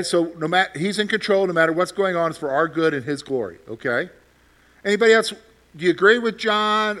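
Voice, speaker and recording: His voice high, bright and forward, a man leads a Bible study class through interactive discussion. He questions the group, goes over his points again and keeps asking "okay?".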